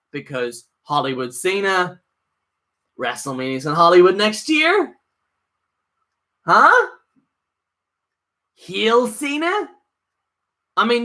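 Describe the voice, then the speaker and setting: A man's voice: fairly high pitch, bright, forceful tone. A man giving a casual, opinionated live review, rambling with lots of fillers and restarts. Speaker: wrestling show reviewer.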